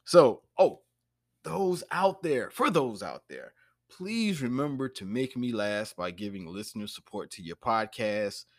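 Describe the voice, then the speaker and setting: A man hosting a casual podcast, talking in an animated way and laughing easily. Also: medium pitch, no room sound, studio quality. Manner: animated, flustered, quick to laugh. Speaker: podcast host.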